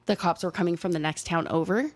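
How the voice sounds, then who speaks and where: A woman's voice: lowish voice, fast. A woman co-hosting a podcast, casually telling a true-crime story and acting out the quotes. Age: adult, has a young son. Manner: animated storytelling, acts out quotes. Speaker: podcast co-host.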